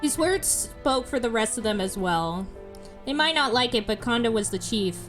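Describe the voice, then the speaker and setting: A woman co-hosting a casual game playthrough, giggly and animated, reading the game text aloud. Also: fairly high pitch, moderate pace. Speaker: let's play co-host. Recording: faint game music behind.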